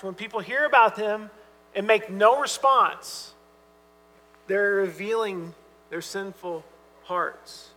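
A man preaching a sermon as pastor, earnest and emphatic, dropping to soft asides when he quotes. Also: high voice. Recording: hall reverb with mains hum.

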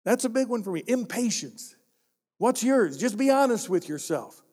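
High-voiced pastor preaching in a reverberant hall. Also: male voice, sing-song, moderate pace, darkish tone, slightly rough. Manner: emphatic, repeats key phrases, asks the congregation rhetorical questions. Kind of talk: sermon. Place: church sanctuary. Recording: long church hall reverb.

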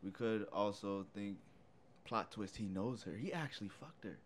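A man's voice: on the low side, moderate pace, slight background noise. A man co-hosting a casual podcast, joking and teasing the others.

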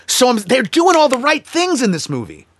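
A man co-hosting a casual film-review chat, talking animatedly with quick restarts and acting out characters' lines. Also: very high voice, huge pitch swings, a bit bright, no room sound. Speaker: podcast co-host.

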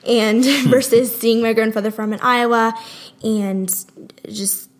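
A young woman with a fairly high voice who chats easily and often breaks into a laugh. She talks in a relaxed, conversational way. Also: slow. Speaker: guest. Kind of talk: casual conversation.

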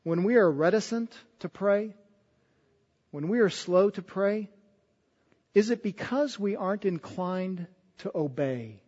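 A man's voice: high-pitched, animated, a little slow, pauses often, a little mellow. A man preaching a sermon in an earnest way, often repeating words as he goes. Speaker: pastor. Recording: dull sound with long hall reverb.

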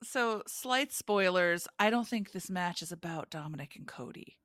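Bright-voiced woman podcast co-host. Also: fairly low pitch, animated, no echo, clean studio sound. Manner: playful, jokey, quick to laugh. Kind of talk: casual wrestling podcast chat.

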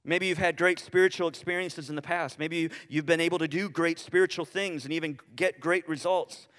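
A pastor with a fairly high voice delivers his sermon from the pulpit. He peppers it with rhetorical questions and restarts, and his words trail off in a long, reverberant sanctuary echo. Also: fairly even intonation, a little fast, a bit bright. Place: church sanctuary. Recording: reverberant church hall.

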